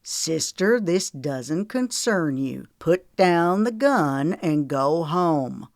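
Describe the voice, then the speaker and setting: A woman's voice: fairly low pitch, a little slow, dry recording, studio quality, natural voice. A woman reading an audiobook voices a menacing grown man who talks down to others with a sneer. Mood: condescending. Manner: sneering, ordering.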